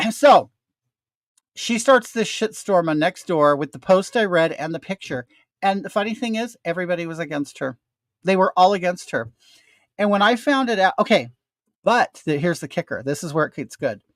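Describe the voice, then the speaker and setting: An older man talking straight to his viewers, his pitch swinging up and down as he rants through a profane story. His voice sits close and dry, with no room sound around it. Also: moderate pace, no echo. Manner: animated, profane, ranting. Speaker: storyteller addressing his audience. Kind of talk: casual storytelling.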